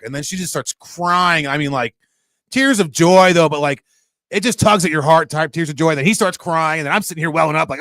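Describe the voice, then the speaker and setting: A man co-hosting a sports radio show, talking in a casual, animated and self-mocking way, often laughing. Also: a little high, a little fast, no room sound.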